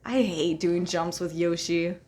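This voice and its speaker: A woman playing a game while chatting, animated and quick to exclaim and laugh. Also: fairly low pitch. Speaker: co-host, player. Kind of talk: casual chat while gaming.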